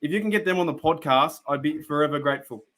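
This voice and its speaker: A man's voice: on the high side, fast talker, a bit bright. Rambling Australian guy on a live stream. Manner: rambling, chatty, many restarts and fillers. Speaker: live stream host reacting to football. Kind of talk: casual live stream chat.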